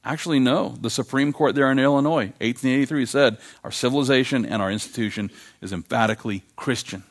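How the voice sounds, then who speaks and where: A man preaching a sermon as pastor, emphatic, repeating key phrases and slowing down to read quotations aloud. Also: mid-range voice. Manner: frequent fillers and restarts.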